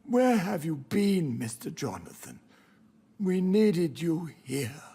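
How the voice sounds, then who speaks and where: An actor playing an anxious, devoted old butler in a video game, formal and fussy. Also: male voice, on the high side, big pitch swings, takes it slowly, gravelly, warm tone, breathy edge, soft background music, full character voice. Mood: worried.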